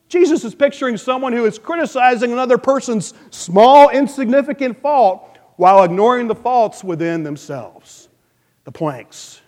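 A man preaching a sermon as pastor, lively and playful, with asides and sound effects. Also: very high-pitched, normal speed, long reverb tail.

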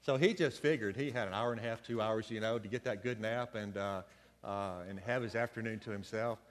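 A man's voice: on the low side, steady tone, a little fast, long reverb tail. A man preaching a conversational sermon, with folksy storytelling asides. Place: church sanctuary.

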